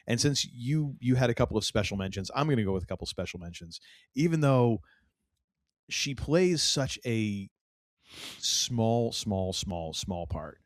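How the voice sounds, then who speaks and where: In a relaxed TV recap, this podcast co-host enthusiastically acts out quotes and laughs a lot. He speaks with a fairly low, expressive voice at a slightly slow pace, recorded cleanly in the studio without room sound.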